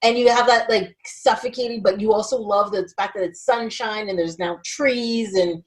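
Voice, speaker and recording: A woman hosting a podcast, talking in a casual, animated way with lots of filler words. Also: mid-range voice, normal speed, low-quality recording. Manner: animated, chatty, many "like" fillers. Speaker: podcast host. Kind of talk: casual chat.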